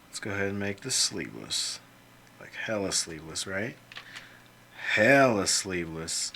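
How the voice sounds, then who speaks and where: A man's voice: low-pitched, sharp tone, slight background noise. A man casually narrating as he draws characters on a computer, rambling and joking to himself with some mild swearing. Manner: rambling, jokey self-talk with mild swearing. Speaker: illustrator drawing on screen. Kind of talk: casual commentary while drawing.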